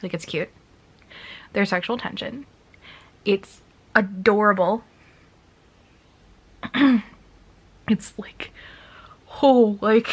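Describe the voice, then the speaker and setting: Woman, casual book review vlog, gushing, lots of likes and ums, whispered asides. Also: medium pitch. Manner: gushing, filler-heavy, drops into whispers. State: tearful.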